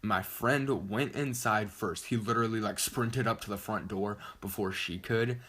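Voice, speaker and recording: A man's voice: fairly low pitch, moderate pace, a bit bright, breathy edge. A teenage boy vlogger telling a story casually, rambling and swearing with lots of "like". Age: teens. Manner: rambling, profane, fillers like "like".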